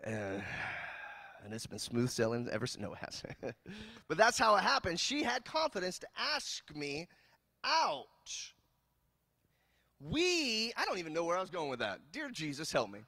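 A man from California preaching a sermon as pastor, telling jokes and stories in an animated way. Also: high-pitched, unhurried, vocal fry, pauses often, no echo, clean studio sound. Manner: animated, joking storyteller. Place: church.

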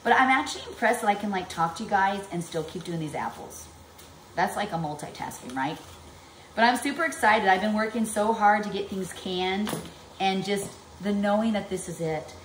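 A woman in her forties chatting at length in a home kitchen vlog, rambling and animated with plenty of fillers while she works. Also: medium pitch, normal speed. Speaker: vlogger. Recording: echoey room, faint household noise.

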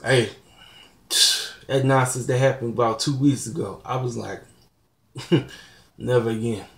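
A man's voice: medium pitch, fairly even intonation, moderate pace, gravelly. A young man, hosting his own channel and ranting bluntly and preachily to his viewers. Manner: blunt, preachy, laughing asides. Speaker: channel host. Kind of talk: casual vlog rant to viewers. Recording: roomy echo.

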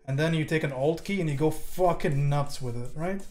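A man's voice: a little high, moderate pace, darkish tone. A man giving a casual live painting critique, joking loosely, swearing and answering his chat while he works. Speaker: livestreaming art instructor. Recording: roomy echo, faint background music.

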